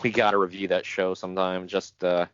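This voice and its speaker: A man's voice: sits low, brisk, clean tone, dry recording, dull audio. A man co-hosting a podcast, chatting casually about old wrestling news with sarcasm and frequent laughs. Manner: animated, sarcastic, laughs often. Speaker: podcast co-host.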